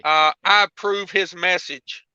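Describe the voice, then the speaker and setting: A man hosting a casual livestream chat among truckers, joking in a deadpan way, on dull muffled stream audio. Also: high voice, measured pace, smooth, dry recording. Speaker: livestream host.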